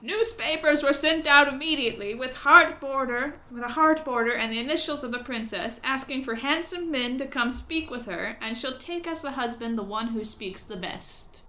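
Brief: woman podcast host, high bright voice, animated casual storyteller. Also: normal speed, few pauses. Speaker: podcast co-host telling a fairy tale.

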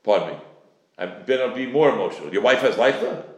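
A man's voice: medium pitch, lively intonation, fast talker. A man in his forties teaching a Talmud class, acting out creditor and debtor exchanges. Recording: echoey room.

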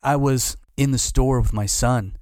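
Middle-aged guy spilling a rough story, keeps restarting, says dude a lot, dry mic. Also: medium pitch, steady tone, darkish tone, dry recording. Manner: halting, restarts, repeats words; candid and emotional, says dude. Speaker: guest. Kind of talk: casual conversation, personal story.

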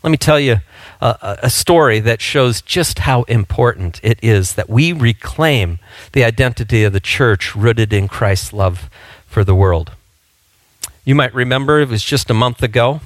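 A man's voice: medium pitch, animated, moderate pace, no room sound. A male pastor preaching a sermon in a conversational, storytelling way, with frequent fillers and restarts.

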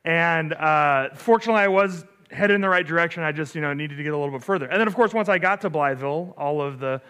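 A middle-aged man, a pastor, telling a story in a relaxed sermon, full of fillers and restarts, often asking "right?". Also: on the high side, fast talker, clear, resonant tone.

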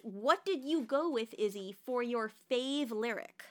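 A woman's voice: a little high, expressive, unhurried, a bit bright. A woman hosting a podcast, chatting enthusiastically about a musical with a guest. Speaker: podcast host. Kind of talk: casual chat about musicals.

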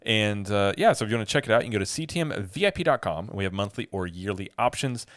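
A man in his thirties co-hosting a podcast in a studio, talking in a relaxed, rambling way with lots of fillers. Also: on the low side, fast talker, no room sound. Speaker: podcast co-host. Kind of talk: casual chat. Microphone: studio microphone.

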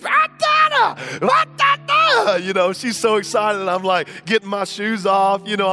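Passionate high-voiced male preacher. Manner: passionate preaching, swinging from shouts to hushed tones. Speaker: pastor. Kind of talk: sermon.

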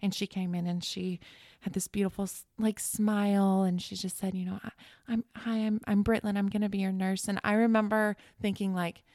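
A woman telling a painful personal story in a halting, emotional way as a podcast guest. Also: medium pitch, little pitch movement, darkish tone, no echo, studio quality. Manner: halting, emotional, reliving the moment. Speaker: guest sharing her story.

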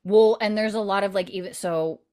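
A woman's voice: mid-range voice, fairly even intonation, fairly quick, dark tone. A woman in casual chat, retelling a TV episode in detail, peppering her speech with "like" and casual swearing. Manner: chatty, heavy use of "like", swears casually. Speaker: podcast co-host recapping a TV episode.

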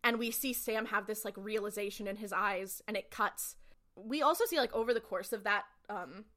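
A woman's voice: medium pitch, moderate pace, fairly bright tone. A woman podcast co-host casually recapping a TV episode, chatty and full of "like" fillers.

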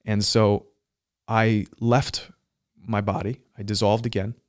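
A man's voice: on the low side, little pitch movement, takes it slowly, clear, resonant tone, no room sound, studio quality. A man telling a personal story in casual conversation, reflective and searching for words with frequent fillers.

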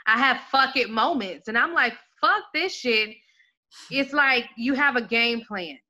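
A woman and mother in casual chat, animated and laughing, swearing freely and acting out her own reactions in quoted asides. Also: a little high, normal speed.

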